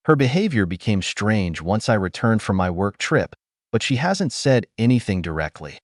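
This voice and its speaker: A man reading a first-person story aloud as scripted narration, in a steady, even-paced storytelling manner. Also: lowish voice, normal speed, no room sound, studio quality.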